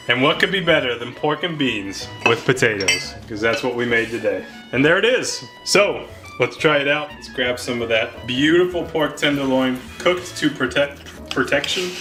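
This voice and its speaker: A man hosting a home cooking show, casually walking viewers through the steps and cracking jokes. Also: medium pitch. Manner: joking, relaxed, talks to viewers.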